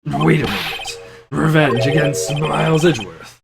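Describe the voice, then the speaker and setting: A man's voice: fairly high pitch, expressive, a little slow, creaky, loud music behind the voice. A man voicing an earnest young defense attorney who reasons through his argument.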